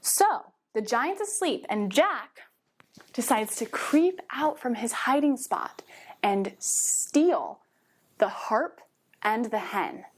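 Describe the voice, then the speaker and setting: A high-voiced young woman leads children through a fairy tale with her body, coaxing and sing-song. She talks in an unhurried, drawn-out way, stretching her words for little listeners. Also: animated, a little hiss or hum. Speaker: children's theater teacher. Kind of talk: guided movement storytelling for kids.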